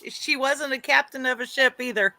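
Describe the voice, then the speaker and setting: A woman in casual chat, explaining things in a steady, matter-of-fact way. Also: high-pitched, normal speed, poor audio.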